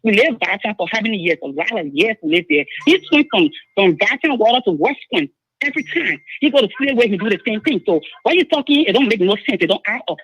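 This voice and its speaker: A woman with a Liberian English accent calls in to a show over a dull phone line, giving an emotional account urgently and insistently and repeating herself. She talks fast at a medium pitch with big pitch swings, and her voice is a bit bright and slightly rough, with no echo.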